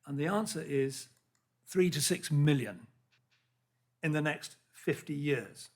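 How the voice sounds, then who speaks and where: A man speaks to an audience at a public lecture, with a husky, slightly breathy voice pitched a little above the usual for a man. He is earnest and halting, breaks off mid-word and starts again, and reads out quotations. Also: expressive. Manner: earnest, halting, with restarts and read-out quotes. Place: lecture hall.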